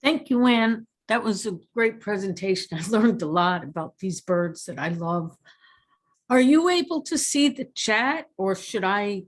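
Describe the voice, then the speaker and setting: A woman's voice: medium pitch, animated, measured pace. Woman host thanking a speaker. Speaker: event host. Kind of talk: hosting an online talk.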